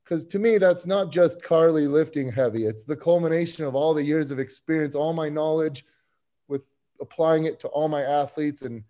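A man as a podcast guest, telling a story in an animated, excitable way with many restarts. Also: a little high, moderate pace. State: getting emotional. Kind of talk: casual chat.

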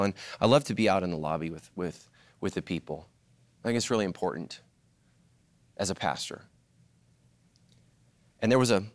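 A middle-aged male pastor preaching a sermon, swinging from loud, high-pitched joking to a hushed, earnest tone. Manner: animated, jokes in a loud, high voice, then drops to a hushed, earnest tone.

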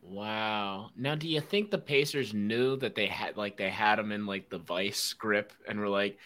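A podcast host chatting casually, telling animated stories and mimicking people's voices. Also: male voice, fairly low pitch, a little slow, hardly any pauses. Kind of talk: casual chat.

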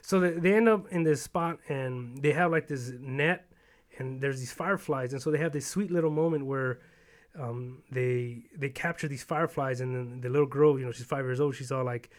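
A man's voice: mid-range voice, moderate pace. A man in casual chat, rambling and swearing as he retells stories and acts out bits of dialogue. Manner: rambling, profane, acts out quoted voices.

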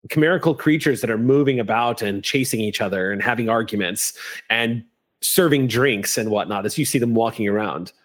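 A man narrating a tabletop role-playing game as game master, describing scenes in an unhurried way with the odd curse. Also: mid-range voice.

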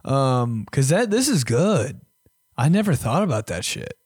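Husky and mid-range, a little slow, this young man rants casually on his podcast, swearing a lot and putting on animated mock voices. He comes across as profane, recorded in studio quality without room sound.

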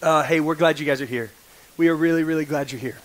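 A man's voice: fairly high pitch, quick pace. A young man pastoring a college ministry, preaching earnestly in a coffee shop service, emotional and joking with his listeners. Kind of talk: sermon.

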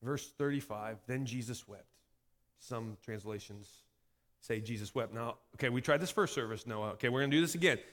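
A man in his thirties preaching a sermon as pastor, shifting from lively delivery to quiet, intense passages. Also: medium pitch, normal speed. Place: church sanctuary. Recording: long hall reverb.

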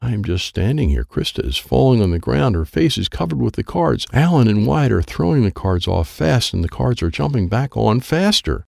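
A man's voice: mid-range voice, very animated, moderate pace, gravelly, hardly any pauses, darkish tone, no room sound, studio quality. A man reading a children's chapter book aloud in the first person. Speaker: storybook narrator.

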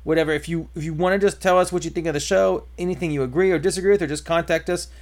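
Fast-talking joking male podcast co-host. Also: on the high side, steady tone. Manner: joking, rambling, teasing. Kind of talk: casual chat.

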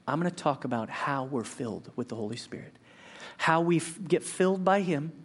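A high-pitched male pastor delivering a sermon. He talks earnestly and conversationally, often restarting his sentences, and his voice climbs and presses when he drives a point home, then drops low and slow for quiet reflection.

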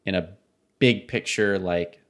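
A man's voice: deep voice, unhurried. A man co-hosting a casual podcast, explaining ideas and laughing easily. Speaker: podcast co-host.

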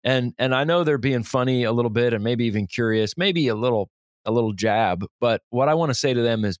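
A man, a pastor hosting a podcast, talking in a casual, animated way and reading quotes aloud. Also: medium pitch, fairly quick, no room sound, clean studio sound. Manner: animated storytelling, laughs easily, reads quotes aloud.

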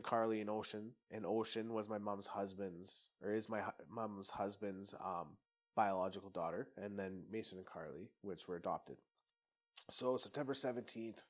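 Candid, swearing man telling a story. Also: on the low side. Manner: rambling, profane, candid. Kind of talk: casual personal storytelling.

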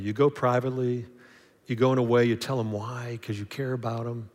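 A man's voice: medium pitch, little pitch movement, a little fast, a little mellow, big-room sound. A man preaching a sermon in a conversational way, acting out little dialogues and often restarting his sentences. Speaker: pastor.

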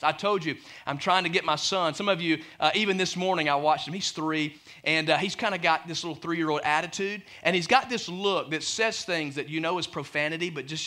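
High, forceful male pastor preaching. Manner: emphatic, addresses congregation directly with asides; repeats words when building a point. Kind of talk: sermon.

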